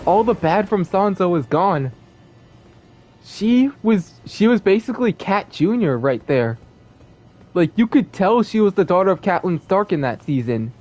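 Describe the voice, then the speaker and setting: A man streaming a game live, chatting casually and rambling in an excitable, gushing way. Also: high voice.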